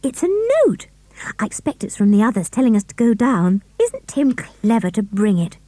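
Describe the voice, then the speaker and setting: Woman doing eager little girl, high bright-eyed voice, breathless, dry sound. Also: expressive, moderate pace, no echo, lightly acted. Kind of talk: audiobook character reading.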